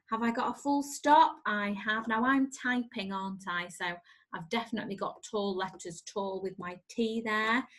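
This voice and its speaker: A woman teacher takes a spelling lesson for young children at an unhurried, measured pace. Her speech is clear and encouraging, and she stretches out her words so small learners can follow. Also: mid-range voice, fairly bright tone. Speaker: primary school teacher.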